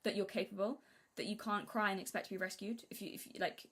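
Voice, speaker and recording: A young woman from Britain talking casually on a live stream, rambling and restarting her sentences, sometimes acting out what she said as a child in a high voice. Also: fairly even intonation, fast talker, slightly rough. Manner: rambling, self-interrupting, acts out childhood quotes in a high voice.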